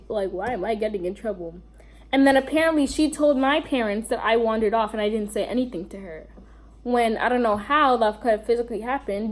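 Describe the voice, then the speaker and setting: A young woman with a New York accent telling a rambling storytime vlog, full of fillers and asides. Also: a little high. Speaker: vlogger.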